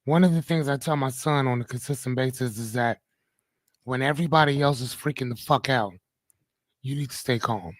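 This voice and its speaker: A man's voice: medium pitch, fairly quick, no echo. A middle-aged man hosting a live motivational podcast, talking straight to his audience in a blunt, preachy way with casual swearing. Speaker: podcast host.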